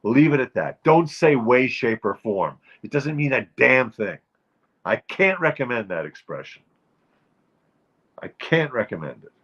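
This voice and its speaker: Man host, lively comic ranter, wry and emphatic, slightly dull lo-fi sound. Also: medium pitch, unhurried, pauses often, breathy edge. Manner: wry, emphatic ranting about phrases. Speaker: show host. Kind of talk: comic monologue.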